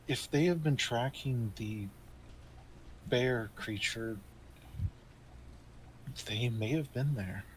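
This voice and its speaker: Calm thoughtful gamer guy, faint room hum behind him. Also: mid-range voice, takes it slowly, long pauses, rough recording. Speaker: player. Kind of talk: tabletop game play.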